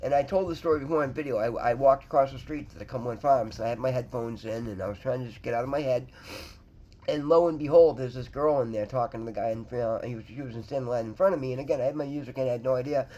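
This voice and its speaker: Fast-talking earnest man telling a story. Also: mid-range voice, dark tone, dull audio. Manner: rambling, earnest, many fillers and restarts. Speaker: vlogger in recovery. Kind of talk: casual personal storytelling.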